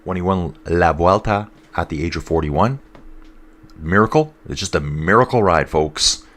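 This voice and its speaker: A man with a very low voice talks casually through a live race, his nose a bit stuffed up. He keeps an easy, chatty flow, reading out comments from viewers as he goes. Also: expressive, moderate pace, fairly bright tone.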